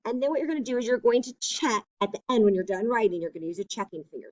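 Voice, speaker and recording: A woman's voice: a little high, expressive, racing, a little mellow, muffled recording. A woman teacher giving a remote lesson to young children, explaining step by step in a patient, upbeat way.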